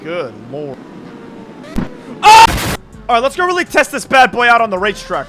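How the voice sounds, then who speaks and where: A young man giving excited gameplay commentary as a gaming creator, blurting loud exclamations. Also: very high voice, rapid-fire. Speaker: gaming YouTuber. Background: game music.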